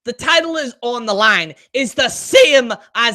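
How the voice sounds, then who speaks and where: A man with a high-pitched voice hosts a live stream, ranting in exasperated disbelief. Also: expressive, slow pace, hardly any pauses, bright, forceful tone. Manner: exasperated and incredulous.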